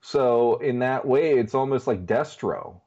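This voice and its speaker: A man's voice: mid-range voice, unhurried, dark tone, lo-fi sound. A man co-hosting a casual podcast, rambling through his answers and laughing often. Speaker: podcast co-host. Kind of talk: casual chat.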